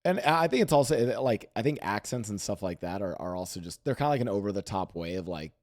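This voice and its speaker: A man hosting a podcast, asking halting questions in loose casual chat, with some swearing. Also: lowish voice, expressive. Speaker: podcast host.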